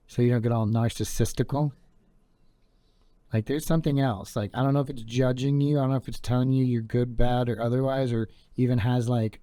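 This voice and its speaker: A man's voice: medium pitch, dark tone, dry recording. Laid-back, rambling male podcast host. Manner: laid-back, meandering, full of fillers. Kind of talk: rambling casual monologue.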